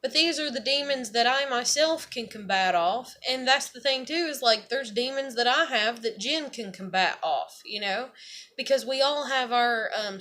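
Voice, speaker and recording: Bright-voiced rambling woman vlogger. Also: on the high side. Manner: rambling, heavy with fillers and profanity; earnest, self-reflective. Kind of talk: casual personal monologue.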